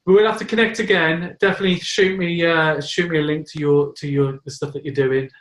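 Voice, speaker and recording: A man's voice: fairly high pitch, steady tone, brisk, a bit bright. A man hosting a casual interview, talking enthusiastically and rambling with many restarts. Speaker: host. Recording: roomy echo.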